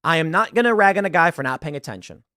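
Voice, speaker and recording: A man's voice: on the high side, lively intonation, quick pace, bright, forceful tone, no echo, clean studio sound. A man giving emphatic online commentary, often repeating words as he pushes his points. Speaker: political commentator.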